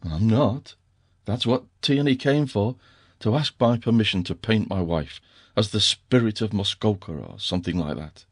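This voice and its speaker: A man's voice: lowish voice, moderate pace, husky, no echo, clean studio sound. A male narrator voicing a teasing, affectionate young husband with a wry, fond way of talking.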